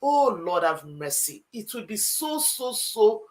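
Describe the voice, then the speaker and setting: A woman's voice: medium pitch, big pitch swings, measured pace, low-quality recording. A woman with a Nigerian accent speaking on a talk show panel, hesitant and heartfelt, with many fillers. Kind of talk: emotional panel discussion.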